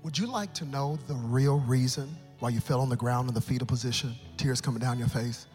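A man voicing the Holy Spirit in a quiet, measured way, gently probing. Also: medium pitch, soft background music, voice pushed down, lightly acted. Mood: gentle.

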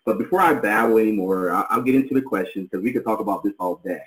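A man's voice: on the low side, fast talker, a bit bright, roomy sound, poor audio. A man co-hosting a podcast, talking in an effusive, rambling, enthusiastic way. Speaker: podcast co-host. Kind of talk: casual podcast chat.

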